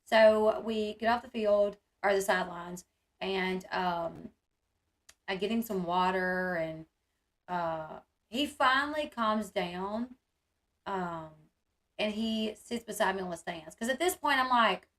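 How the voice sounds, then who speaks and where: A woman's voice: mid-range voice, slow, fairly bright tone. Chatty woman telling a story. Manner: chatty, rambling, many fillers and quoted speech. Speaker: vlogger telling a family story. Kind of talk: casual storytelling to viewers.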